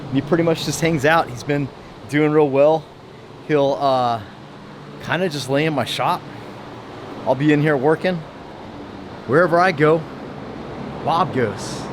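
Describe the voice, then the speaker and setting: A man's voice: a little high, normal speed, pauses often, background noise. A man chatting casually in his home welding shop, rambling with lots of fillers and restarts. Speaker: vlogger showing his shop. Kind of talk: casual vlog chat.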